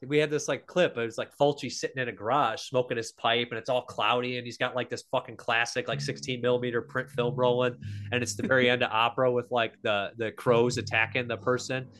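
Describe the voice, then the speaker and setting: A man's voice: mid-range voice, fairly quick. A man hosting a podcast, chatting casually about films, swearing often and breaking into acted-out voices. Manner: animated, swearing, acts out voices. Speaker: podcast host. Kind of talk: casual chat.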